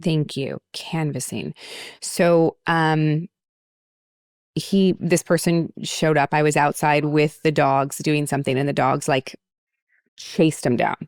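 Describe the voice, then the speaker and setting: Low-voiced woman, rambling. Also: fairly even intonation, slow pace, darkish tone, dry recording, studio quality. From United States. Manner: rambling storyteller, many fillers and restarts. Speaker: podcast host. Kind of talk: casual chat.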